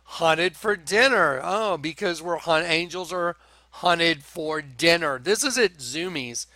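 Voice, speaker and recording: Slow, insistent man with a bright voice. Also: a little high, lively intonation, no room sound. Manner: repetitive, insistent, addresses viewers as folks. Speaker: online preacher. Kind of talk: slow, emphatic show-and-tell monologue.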